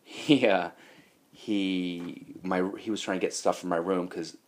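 Deep-voiced comedian telling stories. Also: male voice, fairly even intonation, measured pace. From New York. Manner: profane, laughing storyteller. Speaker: podcast host, comedian. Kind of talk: casual chat.

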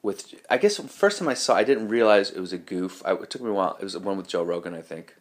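A man, a comedian guest in a casual podcast chat, telling animated stories and acting out other people. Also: low-pitched, quick pace. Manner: animated storytelling, acts out other people with raised voice.

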